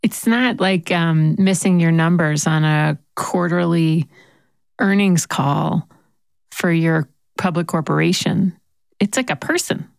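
A woman's voice: on the low side, slow pace, gravelly, smooth, no room sound, clean studio sound. A woman interviewing a guest, thoughtful and empathetic as she reflects on what the guest shares. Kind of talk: conversational interview.

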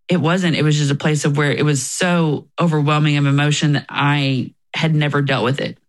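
A woman's voice: low-pitched, fairly even intonation, brisk, hardly any pauses, poor audio. A woman talking as an interview guest, telling her personal story in an earnest, reflective way and often quoting herself and others.

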